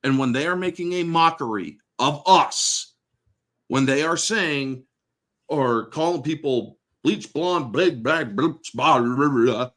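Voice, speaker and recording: A man's voice: medium pitch, a bit bright. A male host delivering a blunt, sarcastic political rant full of swearing.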